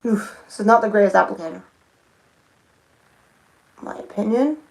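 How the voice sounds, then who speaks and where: Gravelly-voiced woman muttering while painting nails. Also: medium pitch, moderate pace, a little mellow, low-quality recording. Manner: thinks aloud, muttering and humming to herself. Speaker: nail art streamer. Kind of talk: casual live-stream chatter while painting nails.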